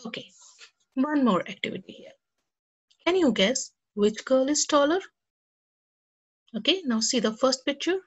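A woman with a high-pitched, animated voice teaches a lesson to small children and reads them a story. She goes a little slowly, pausing often, and speaks to the kids cheerfully and directly.

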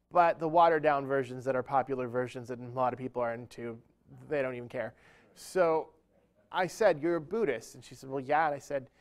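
A man speaking at a church event, telling a humorous, self-deprecating story within a sermon-style talk. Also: mid-range voice.

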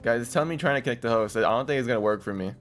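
A man streaming a survival game with friends, joking loudly and yelping in casual banter. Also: mid-range voice, very fast, faint music behind. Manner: loud joking banter, yelps. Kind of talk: casual gaming chat.

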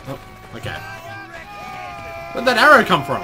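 A high-pitched man calls his gameplay live, swearing freely and breaking into sudden shouts. His voice leaps all over the place as he reacts. Game music plays clearly behind him. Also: moderate pace. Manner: excitable, profane, bursts into shouts and laughter. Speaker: gaming commentator.

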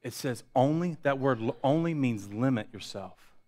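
A pastor preaching a sermon, building intensity through repetition and dropping to quiet asides. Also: male voice, medium pitch, lively intonation, normal speed. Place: church sanctuary.

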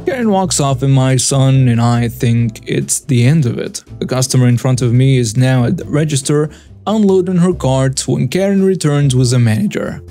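Man narrating, steady scripted storytelling, mid pitch, soft music underneath. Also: normal speed. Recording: faint music behind the voice.

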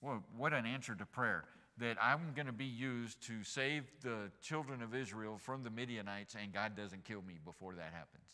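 A man preaching a sermon as pastor, animated, rising to loud emphatic peaks and joking asides with the congregation. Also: medium pitch, normal speed, few pauses. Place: church sanctuary. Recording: long church reverb.

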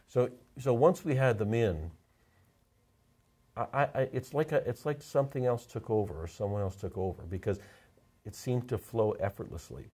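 A man, a portrait photographer, telling stories in a casual interview, halting and repeating words as he gets emotional. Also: medium pitch, dark tone, slightly rough.

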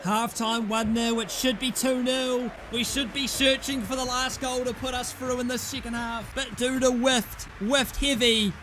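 A young man commentating his own football video game, excitable, groaning and then yelling at the play. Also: very high voice, unhurried, noisy background. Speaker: gaming commentator. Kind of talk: live gameplay commentary.

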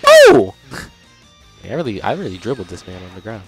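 A young man giving casual, chatty commentary on a video game as he plays, reacting out loud and laughing often. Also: low-pitched, animated, rapid-fire. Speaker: gaming channel host. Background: game music.

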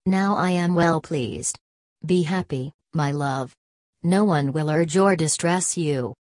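A woman voicing a stern aristocratic mother who speaks in a cool, measured, commanding way. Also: deep voice, darkish tone, no echo. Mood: firm.

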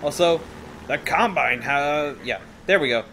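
A man's voice: medium pitch, unhurried, long pauses, background noise. A man hosting a let's play, giving rambling, playful gameplay commentary and joking at his own expense. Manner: rambling, playful, jokes at himself. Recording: game sounds under the voice.

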